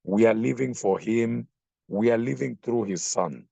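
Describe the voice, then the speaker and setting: Man, preacher, sermon, slow delivery, emphatic repetition, dry sound. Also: medium pitch, vocal fry, warm tone, no echo. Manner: slow, emphatic, repeats phrases for effect.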